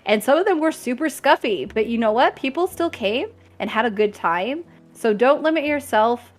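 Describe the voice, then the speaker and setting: A woman chatting casually as a guest on a creator talk stream, upbeat and quick to laugh while giving encouraging advice. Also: a little high, expressive. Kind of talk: casual chat.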